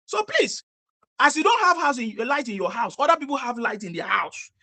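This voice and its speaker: A woman, interviewing people in the street and lecturing them forcefully with a lot of repetition. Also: on the high side, sing-song, moderate pace.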